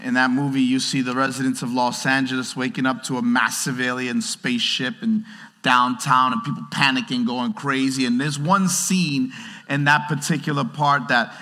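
A male pastor delivers a sermon in a large, reverberant church hall, preaching in a conversational, animated way and acting out quotes. His voice is medium-pitched at a normal speed.

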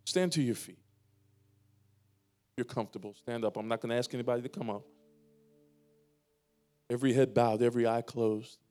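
A man pastor preaching a sermon in a church, building to emphatic, louder lines and dropping to quiet, drawn-out pleas. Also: mid-range voice, little pitch movement. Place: church sanctuary.

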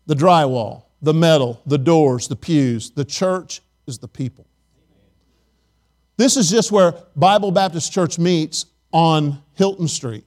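A man's voice: fairly high pitch, a little mellow. A man, a pastor, preaching a conversational sermon in a church, telling stories and asking the congregation for amens. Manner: chatty storytelling, asks the congregation for amens. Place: church sanctuary.

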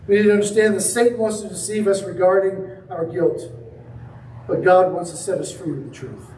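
A man's voice: high voice, a little fast, mellow, slight background noise. A man preaching a sermon, telling a story and acting out the quoted lines. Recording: echoey room from a distance.

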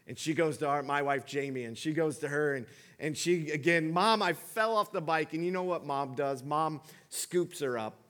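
A man's voice: fairly high pitch, moderate pace, a bit bright. A man in his thirties, a father, preaching a sermon in a conversational storytelling way with frequent restarts. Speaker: pastor.

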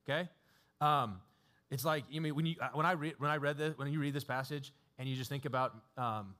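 Delivering a sermon like a laid-back story, this man chuckles frequently and leans on plenty of fillers. He talks at medium pitch and a little fast.

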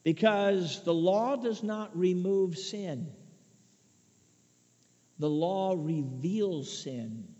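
A man from Chicago preaching a sermon, emphatic, swinging between loud declarations and hushed asides. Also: high-pitched. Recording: dull lo-fi sound with long reverb.

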